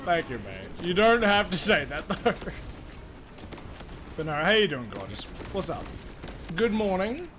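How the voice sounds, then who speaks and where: A man's voice: high-pitched, unhurried, pauses often, noisy background. A young man chatting casually with his live-stream viewers while gaming, joking and swearing freely. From Australia. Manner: animated, joking, swears freely, talks to chat.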